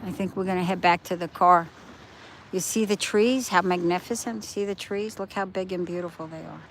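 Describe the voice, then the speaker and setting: A woman's voice: fairly low pitch, steady tone, moderate pace, rough recording. Woman, middle-aged, casual livestream chat, phone mic outdoors, faint background noise. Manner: chatty, points things out to viewers. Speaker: livestream host. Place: outdoors by the ocean at night. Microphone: phone held while walking.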